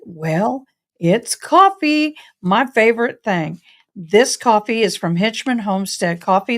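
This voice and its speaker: A woman from Tennessee chatting casually as host of a true crime livestream, saying "y'all" often. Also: medium pitch.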